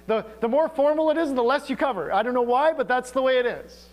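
Man, pastor, sermon, high-pitched, animated, rhetorical questions, mains hum. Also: fast talker, low-quality recording.

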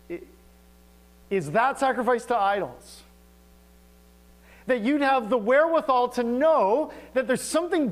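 Middle-aged man, very high voice, pastor preaching with humor and little acted-out exchanges. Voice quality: animated, humorous storytelling with acted-out dialogue. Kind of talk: sermon.

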